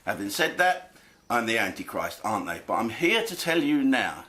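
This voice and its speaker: Angry sweary comedian ranting. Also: male voice, lowish voice, very animated, normal speed, sharp tone. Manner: angry, sweary, rhetorical questions. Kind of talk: ranting monologue to camera.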